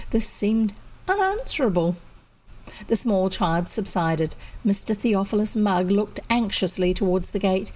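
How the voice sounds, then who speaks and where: A woman's voice: mid-range voice, animated, a little slow, darkish tone, rough recording. A woman with a New Zealand accent reading a children's story aloud and adding chatty asides. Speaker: audiobook reader.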